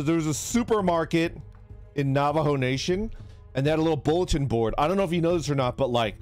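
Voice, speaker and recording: A man with a slightly high, darkish voice streams a casual morning chat, telling a story, laughing a lot, greeting viewers, and reading chat names aloud.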